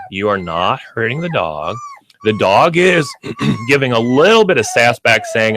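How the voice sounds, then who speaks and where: A man's voice: medium pitch, moderate pace, a little hiss or hum. A man hosting a pet radio show, explaining dog training step by step in an instructive way. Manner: explains step by step, lively and animated.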